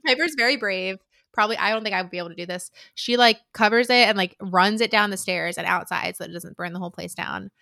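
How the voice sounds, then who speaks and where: A young woman co-hosting a casual podcast, with a chatty manner full of "like." Her voice is gravelly with a bright edge. The recording is dry and close. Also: medium pitch, quick pace, few pauses, no room sound. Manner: chatty, many "like" fillers, musing. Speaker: podcast co-host. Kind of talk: casual chat recapping a story.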